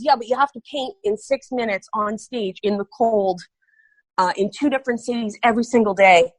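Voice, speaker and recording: Give me an animated woman on a podcast, telling a story with acted-out quotes, dry recording. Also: a little high, a little fast, husky, dry recording. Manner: animated, acts out quoted dialogue. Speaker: guest artist.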